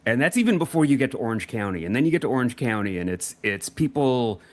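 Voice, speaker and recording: A man's voice: medium pitch, big pitch swings, fairly quick. Rambling man in casual panel chat. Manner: rambling, many restarts and repeated words. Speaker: podcast co-host, editor.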